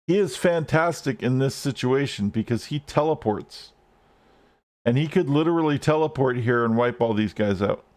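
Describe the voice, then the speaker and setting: A man's voice: medium pitch, expressive, normal speed, darkish tone. A man streaming gameplay live, ranting and swearing at the game as he plays. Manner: frustrated, swearing, rants at the game.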